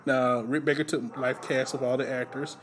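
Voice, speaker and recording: A man casually telling stories in conversation, relaxed and laughing often, with lots of fillers. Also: medium pitch, moderate pace, a little hiss or hum. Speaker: podcast host. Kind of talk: casual chat.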